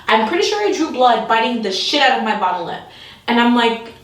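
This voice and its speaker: Woman, comic storyteller, animated, fairly high voice, very echoey room, set back from the mic. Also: a little fast, recorded from a distance. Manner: animated, laughs often, acts out voices. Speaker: comedian. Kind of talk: storytelling comedy.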